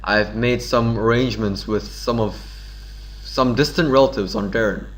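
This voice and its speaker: A man's voice: fairly low pitch, moderate pace, lightly acted. A man reading aloud as a worried scholar giving an earnest warning in a game. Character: worried, cautious scholar advising flight.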